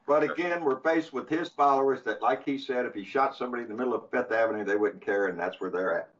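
A man's voice: medium pitch, fast talker, fairly bright tone, distant mic, lo-fi sound. A man co-hosting political talk radio in a folksy, profane drawl. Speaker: radio co-host.

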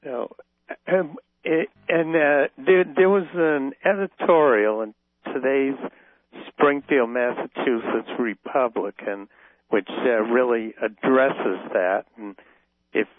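A man calling in to a radio show, speaking haltingly with many pauses and restarts. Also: mid-range voice. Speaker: caller. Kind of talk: phone-in call. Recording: tinny phone line.

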